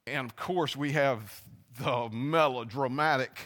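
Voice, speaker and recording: A man preaching a sermon, telling a scripture story with halting restarts and acting out the voices. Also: a little high, lively intonation, bright, forceful tone, long reverb tail. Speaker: pastor. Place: church.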